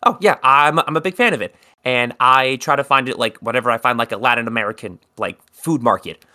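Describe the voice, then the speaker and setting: South jersey guy on a podcast, bright voice, rambling story, cusses a lot. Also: mid-range voice, fairly quick. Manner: rambling storyteller, swears freely. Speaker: podcast co-host. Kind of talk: casual chat.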